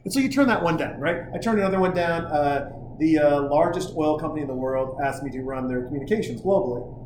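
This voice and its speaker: A man's voice: a little high, fast. A man hosting a casual podcast, talking in fired-up, profane, rambling tangents. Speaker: podcast host. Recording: echoey room with faint noise.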